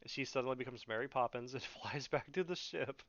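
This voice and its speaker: A man's voice: mid-range voice, a little fast, a bit bright, dry recording, highs cut off. A young man hosting a podcast, ranting in a casual, profane, mocking way and often laughing. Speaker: podcast host.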